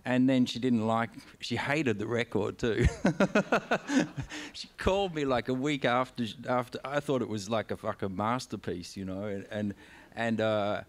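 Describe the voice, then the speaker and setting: A man's voice: mid-range voice, measured pace. A man with an Australian accent, talking on a venue stage in a live conversation, telling stories candidly and rambling with lots of restarts and casual swearing. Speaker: guest author.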